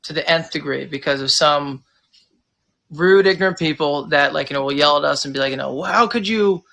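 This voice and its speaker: Gravelly bright-voiced American man. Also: a little high, brisk. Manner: rambling, animated, acts out customers. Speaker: pub owner and manager. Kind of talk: casual interview chat.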